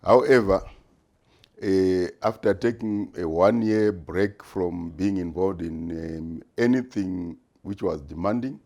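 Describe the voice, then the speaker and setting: A man, speaking very low and slow. His tone is mellow and dark, and he answers interview questions deliberately, pausing often with "uh" as he gathers his thoughts. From Zimbabwe. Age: 60s. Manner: measured and deliberate, frequent "uh" pauses. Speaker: retired business executive, guest.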